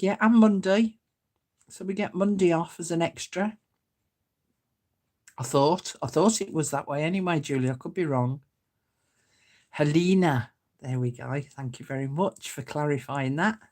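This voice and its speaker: A woman's voice: on the low side, darkish tone. A woman, hosting a crafting livestream in a homely, chatty way and greeting viewers by name. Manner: chatty, homely, reads out and chuckles at comments. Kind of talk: casual live-stream chat greeting viewers.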